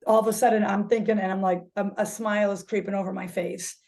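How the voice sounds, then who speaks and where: A woman yoga instructor talking candidly as a podcast guest, animated, swearing freely and restarting her sentences as she searches for words. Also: medium pitch, quick pace. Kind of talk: casual podcast conversation.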